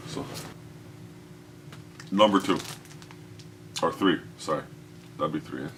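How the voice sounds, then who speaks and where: A very deep male voice with a bright, forceful edge, rambling and swearing his way through a casual podcast chat. He laughs a lot and trails off mid-thought. A faint hiss of noise sits under the recording. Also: slow. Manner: profane, rambling, laughs often. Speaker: podcast host.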